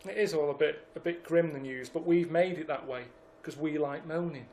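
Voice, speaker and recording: Man, deadpan, grumbly, fairly high voice, faint background hiss. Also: moderate pace. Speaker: podcast regular. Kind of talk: comic podcast banter.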